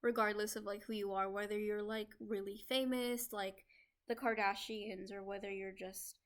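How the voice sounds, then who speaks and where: A woman's voice: medium pitch, level tone, moderate pace. A young American woman talking in a casual, rambling vlog on her laptop microphone, full of "like" fillers. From United States. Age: young adult. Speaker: vlogger. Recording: lo-fi laptop recording.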